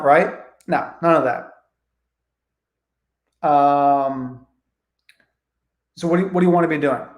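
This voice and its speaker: High-voiced energetic man coaching in an echoey room. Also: slow, long pauses. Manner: energetic, profane, acts out phone calls. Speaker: real estate coach. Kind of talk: live online training.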